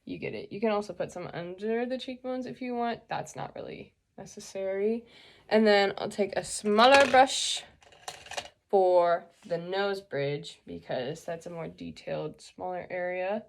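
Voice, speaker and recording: A woman's voice: medium pitch, measured pace, creaky. Chatty young woman teaching makeup. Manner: chatty, joking, instructive. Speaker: makeup tutorial host. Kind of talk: casual makeup tutorial.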